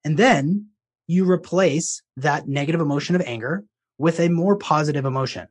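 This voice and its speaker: Husky-voiced man telling a coaching story. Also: fairly high pitch, normal speed. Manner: conversational, with frequent fillers and restarts; swears casually when quoting. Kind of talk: storytelling, explaining a technique.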